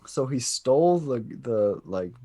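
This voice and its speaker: A man's voice: medium pitch, sing-song, takes it slowly, warm tone, husky. A young man co-hosting a podcast, chatting casually about a movie, laughing often, cursing freely and cutting in with corrections. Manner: laughing, swearing, jumps in with corrections. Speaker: podcast co-host. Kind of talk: casual chat recapping a movie.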